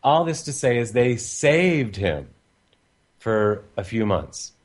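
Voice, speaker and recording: A man hosting a radio talk show, telling a family story in a lively, chatty way. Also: slow. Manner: animated, pitch jumps when quoting others.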